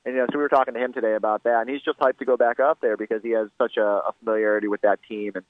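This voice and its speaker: A man guesting on a sports radio show who talks fast and rambles, often restarting his sentences. His voice sits in a middle pitch. The recording is dry and close. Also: steady tone, dry recording, narrow, tinny audio. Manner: rapid, rambling, many restarts. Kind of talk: casual radio interview.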